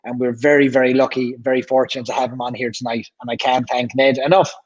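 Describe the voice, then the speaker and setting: A man's voice: mid-range voice, flat delivery, fast talker, breathy edge, muffled recording. An Irish man hosting a casual livestream, chatting and reading viewer comments aloud, often repeating himself. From Ireland. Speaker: livestream host.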